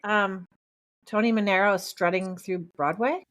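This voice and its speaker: A woman co-hosting a comedy movie podcast in a casual, chatty way. She chimes in quickly with her own reactions. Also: medium pitch, steady tone, a bit bright. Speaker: podcast co-host. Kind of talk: casual movie-review chat.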